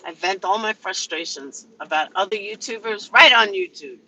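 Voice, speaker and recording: A man's voice: high-pitched, moderate pace, sharp tone, a little hiss or hum, poor audio. A man ranting casually and profanely on a livestream from a vehicle, answering chat members by name. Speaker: livestream commentator.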